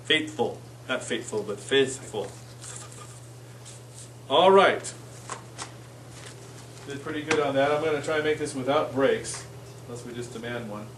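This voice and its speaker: A man teaching phrases to a class in a relaxed, chatty way, often correcting himself as he goes. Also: medium pitch, moderate pace, long pauses. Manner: casual, self-correcting, repeats phrases for the class. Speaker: church Spanish class teacher. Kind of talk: informal classroom lesson. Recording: distant mic with faint room noise.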